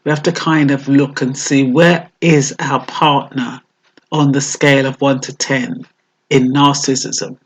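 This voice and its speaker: A vlogger talks through ideas in a casual, reflective monologue. The delivery is hesitant and searching, full of pauses and fillers, with a middling pitch. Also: flat delivery, breathy edge, low-quality recording. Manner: hesitant, thinking aloud with many fillers.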